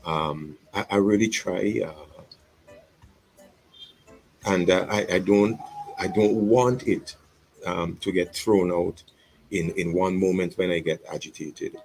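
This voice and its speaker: A man's voice: low-pitched, slow, pauses often, darkish tone, slight background noise, low-quality recording. A man who is a pastor, speaking earnestly on a radio show, reflecting aloud and repeating his words as he publicly apologizes. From St Vincent and the Grenadines. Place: radio studio.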